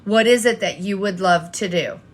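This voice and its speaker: A woman with a mid-range voice and moderate pace gives a live-stream coaching talk. She talks right to the viewers, repeats herself often, and keeps asking rhetorical questions.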